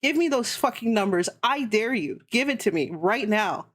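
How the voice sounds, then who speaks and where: A woman's voice: a little high, animated, normal speed. A young woman streamer ranting heatedly and sarcastically in casual chat, swearing constantly.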